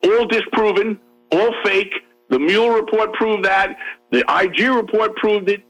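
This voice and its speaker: A man's voice: high voice, a bit bright, low-quality recording. A man arguing his points on a radio talk show, emphatic and repetitive, over a faint music bed. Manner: emphatic, fast-talking, repeats himself. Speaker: guest.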